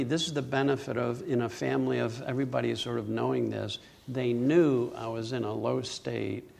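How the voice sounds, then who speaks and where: Gravelly older man telling a story. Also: mid-range voice. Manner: animated storytelling that acts out its own panic. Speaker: speaker telling a personal story. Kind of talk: storytelling talk.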